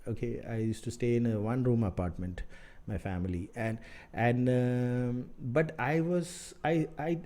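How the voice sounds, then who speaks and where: Mellow-voiced Indian English mentor, rambling. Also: male voice, medium pitch. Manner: rambling, halting with fillers, frank and mildly sarcastic. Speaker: architect mentor. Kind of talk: advice talk to camera.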